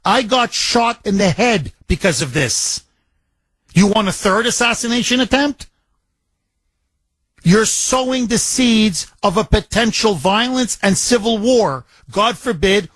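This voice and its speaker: Fiery high-voiced talk radio host. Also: male voice, a bit bright, dry recording. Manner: impassioned, emphatic, repetitive ranting. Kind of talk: political talk radio monologue.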